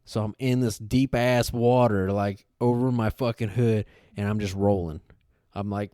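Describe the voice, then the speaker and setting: Co-host, man: low, clean, dry-sounding voice, profane and rambling. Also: moderate pace, clean tone, no room sound. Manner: rambling, profane, animated storyteller. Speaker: podcast co-host. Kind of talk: casual storytelling chat.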